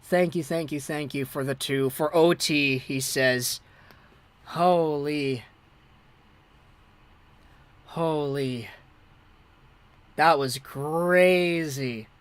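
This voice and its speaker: An amateur livestream host calling a hockey game play by play, excitable and breathless. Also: mid-range voice, very slow, long pauses, clean tone.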